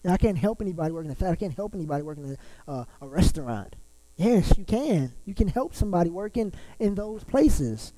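A man preaching to his church in a relaxed, chatty sermon. His voice sits high for a man and has a soft, mellow tone. He keeps stopping to restart and uses plenty of fillers. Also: fast talker, poor audio. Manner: conversational, many fillers and restarts. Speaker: pastor.

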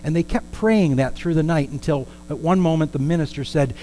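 A man's voice: mid-range voice, brisk, few pauses, a little mellow, slight background noise, poor audio. A man preaching a storytelling sermon in a conversational way, with asides and questions to the congregation.

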